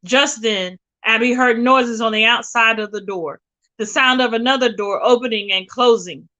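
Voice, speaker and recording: Bright-voiced woman reading a thriller aloud. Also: a little high, moderate pace, low-quality recording. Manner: expressive, dramatic storytelling. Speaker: reader.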